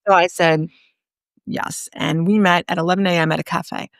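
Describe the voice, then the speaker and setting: A woman guest in a podcast interview, telling a story earnestly with emphatic pauses. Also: on the low side, steady tone, gravelly, no echo, studio quality. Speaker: guest author and speaker.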